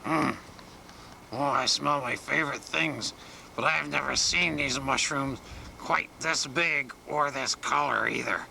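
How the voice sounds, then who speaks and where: A drowsy, muddled bear creaks and rumbles through each slow word, as a man acts him out. His gravelly voice stays bright and ringing despite the grit, and he keeps wondering aloud what on earth is going on. A faint hiss sits under the recording. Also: exaggerated voice. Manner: slow, wondering, muttering to himself. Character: bumbling, puzzled male bear just woken from hibernation.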